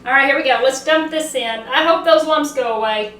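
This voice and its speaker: A woman with a Southern accent hosting a casual cooking demo, chatting excitedly and talking to herself as she works. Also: sits high, fairly quick, slight background noise. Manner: chatty, excitable, talks to herself while working. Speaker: cooking show host. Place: home kitchen. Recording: echoey kitchen, mic at a distance.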